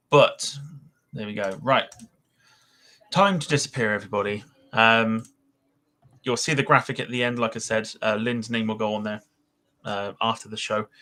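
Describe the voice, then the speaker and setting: A man's voice: on the low side, fairly bright tone. A man hosting a live aviation podcast stream, chatting loosely with lots of fillers while reading out viewer messages. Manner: chatty, rambling with many fillers. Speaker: podcast host.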